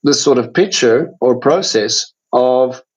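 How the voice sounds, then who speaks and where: A man's voice: mid-range voice, slow, rough recording. A man teaching an online Bible study in a chatty way, with many fillers and restarts.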